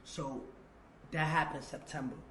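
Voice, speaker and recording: A man with a fairly high voice tells a story in a loose interview, fast and animated, stumbling over repeated words and acting out other people's lines. The room sounds echoey, with a faint hiss behind him. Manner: animated, repeats words, acts out quoted dialogue. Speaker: interview guest.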